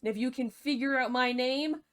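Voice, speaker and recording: This is a cheeky little imp, as a woman narrator puts him on in a homemade cartoon parody. He talks in a smug, slangy, offhand way, his tone bright and fairly high. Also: normal speed. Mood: casual. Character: cheeky little man who bargains for a baby.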